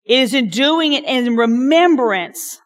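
A woman pastor, preaching a sermon, passionate and emphatic with soft asides. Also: high-pitched, lively intonation, measured pace.

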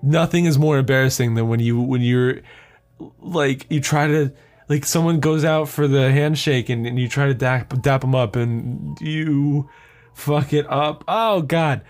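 Rambling, profane young man laughing at himself. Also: a little high. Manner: rambling and profane, laughs at his own jokes. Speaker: podcast host. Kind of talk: casual solo podcast monologue.

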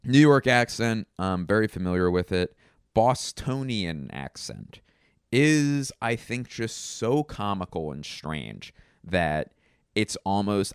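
A man's voice: deep voice, clear, resonant tone, no room sound, studio quality. A man hosting a casual solo podcast, rambling and joking with plenty of swearing. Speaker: podcast host.

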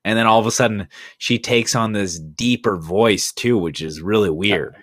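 A man guesting on a podcast, his low voice heard dry and close with no room around it. He tells things in a measured, storytelling manner. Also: a bit bright, no room sound. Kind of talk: casual chat.

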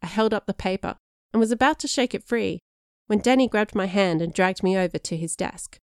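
A woman narrating a first-person story in a lively, expressive way. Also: medium pitch, brisk, clear, resonant tone, no echo, clean studio sound. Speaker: audiobook narrator.

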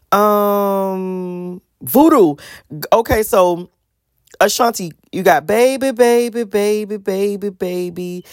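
A young woman in her twenties talking in a casual, rambling, profane way, animated and sometimes breaking into song. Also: lowish voice, dry recording, clean studio sound. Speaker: vlogger.

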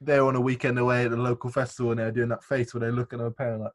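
A man's voice: medium pitch, little pitch movement, rapid-fire. Sweary man rambling in chat. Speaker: podcast co-host. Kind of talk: casual chat.

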